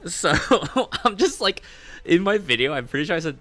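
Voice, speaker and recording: A man streaming a game while telling a long story in an animated, chatty way, laughing often, swearing, and leaning on lots of fillers. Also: sits high, normal speed, no room sound. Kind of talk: casual storytelling while gaming.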